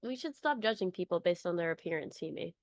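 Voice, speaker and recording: A woman's voice: on the low side, expressive, brisk, vocal fry, dry recording, studio quality. A young woman co-hosting a live reaction stream, playfully teasing and laughing. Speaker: co-host.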